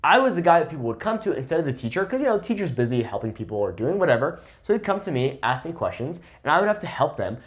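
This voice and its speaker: A man's voice: on the high side, fast talker, hardly any pauses. A man in his twenties, a Spanish teacher, talking casually to camera and often checking in with "okay?". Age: 20s. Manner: lively, emphatic, repeats "okay?" to check in. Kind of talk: casual talking-head lesson.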